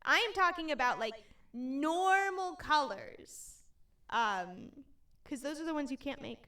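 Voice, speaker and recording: A young woman co-hosting a casual podcast, her voice high and bright in pitch. She tells stories in an animated, giggly way. She sits a little back from the mic, so she sounds slightly distant. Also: unhurried. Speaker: podcast co-host. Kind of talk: casual chat.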